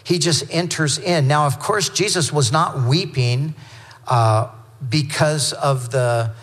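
A man's voice: mid-range voice, fairly bright tone. Guy preaching verse by verse, chatty asides, fixes his own slips, mid voice, big hall echo. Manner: conversational, with quick asides and self-correction. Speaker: pastor. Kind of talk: sermon teaching through scripture.

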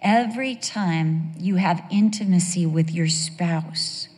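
A woman preaching a sermon, emphatic, slowing down on key phrases and breaking into playful asides. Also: on the low side, a little mellow, long reverb tail.

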